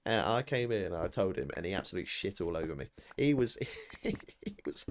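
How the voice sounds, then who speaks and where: A man's voice: low-pitched, expressive, fairly quick, a little hiss or hum. A British man in his thirties chatting casually to viewers during a live game stream, rambling and self-deprecating. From Britain.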